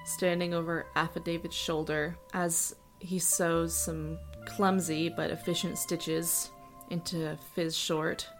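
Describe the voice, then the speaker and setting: A woman's voice: on the low side, little pitch movement, takes it slowly. A woman running a tabletop game as game master, narrating scenes in a casual, laid-back way. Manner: casual, laughs easily, vivid scene narration. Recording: roomy echo with faint music.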